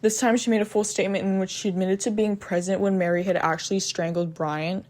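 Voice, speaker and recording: A woman with a mid-range voice, steady, brisk and a little mellow, casually recounts a true crime case. She hesitates a lot, stumbling and restarting with frequent "um"s, and cuts in with blunt, profane asides.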